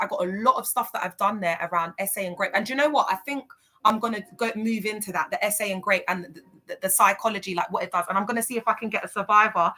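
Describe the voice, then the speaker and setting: A woman talks to her live-stream viewers in a bright, forward voice. She is outspoken and emphatic, full of street slang and quick endearments like babe and my love. Her talk is loose and chatty, and she reads the comments as they come in. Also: medium pitch. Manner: lively, slangy, talks straight to the chat with endearments.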